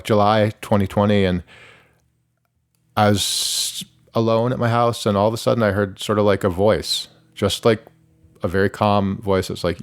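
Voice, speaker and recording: Low-voiced rambling man, candid. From Michigan, USA. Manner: rambling, self-interrupting, many "like"s. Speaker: musician guest. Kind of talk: candid conversational interview.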